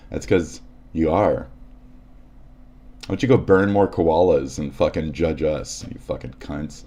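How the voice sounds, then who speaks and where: This is a man with a very low voice, hosting a live stream and reacting to the news. He rants in a casual way, sarcastic and combative, and swears often. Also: fairly even intonation, a little slow, long pauses, warm tone. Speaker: livestream host. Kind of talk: profane ranting commentary.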